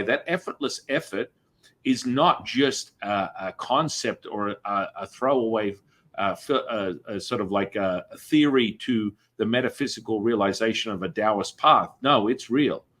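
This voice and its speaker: A man's voice: on the low side, a little slow, a bit bright. Reflective man hosting a spiritual talk. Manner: meandering, reflective, restarts. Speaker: podcast host. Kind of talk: spiritual conversation.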